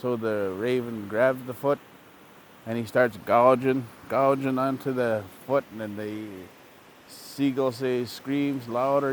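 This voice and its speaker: A man's voice: medium pitch, takes it slowly, slight background noise. Man telling a folk tale plainly. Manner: relaxed, repetitive, plain-spoken. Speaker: language teacher telling a traditional story. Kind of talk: oral storytelling.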